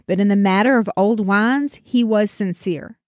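A woman retelling a classic story in a theatrical, expressive way. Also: medium pitch, normal speed, no echo, studio quality.

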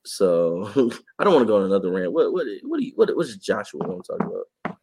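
A man co-hosting a podcast and reporting on sports, talking in a casual, animated way and laughing often. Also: fairly low pitch, fast, slight background noise. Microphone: podcast mic.

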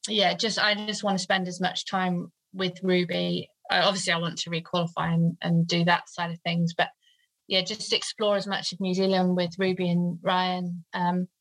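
A woman's voice: lowish voice, little pitch movement, moderate pace, a bit bright, rough recording. A woman in her thirties, a guest in an interview, talking hesitantly with many fillers. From United Kingdom. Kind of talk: conversational interview.

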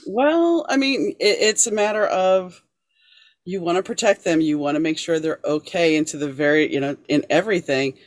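A woman hosting a podcast, telling stories calmly and measuredly but animated when she quotes others. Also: lowish voice, dry recording, studio quality. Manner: storytelling, animated when quoting, calm and measured between quotes. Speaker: podcast host. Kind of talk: casual interview conversation.

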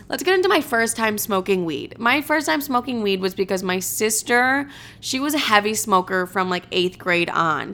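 Young woman podcasting, bright forward voice, rambly and blunt, swears a lot. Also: mid-range voice. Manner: candid, rambling, swears freely. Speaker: podcast host. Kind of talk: casual storytelling monologue.

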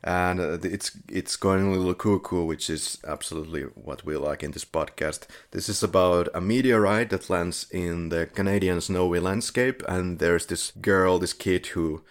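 A man's voice: deep voice, steady tone, normal speed, hardly any pauses. A man co-hosting a podcast, reviewing short films in casual chat with dry sarcasm and frequent chuckles. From Finland. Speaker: podcast co-host.

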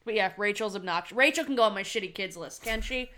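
A woman's voice: medium pitch, quick pace, fairly bright tone. Podcast casting: a chatty woman co-host, joking and rambling. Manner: joking, rambling, with many fillers. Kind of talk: casual chat.

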